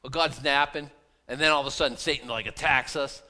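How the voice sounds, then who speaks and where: A pastor preaching a sermon in a conversational, animated way, full of rhetorical questions. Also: male voice, medium pitch, a little fast.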